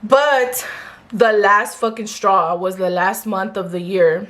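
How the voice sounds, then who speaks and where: Young woman, casual vlog storytelling, candid and chatty, frequent swearing, lots of fillers, mid pitch. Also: steady tone, slow, a bit bright. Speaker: small clothing brand owner.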